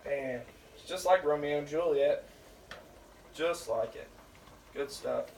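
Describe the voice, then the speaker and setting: A young man in his twenties from Alabama rambling and joking in slang while he cooks, pitching himself for a cooking show. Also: slow. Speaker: show applicant. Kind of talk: casual audition vlog while cooking. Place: home kitchen. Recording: echoey kitchen, voice from far off, faint noise.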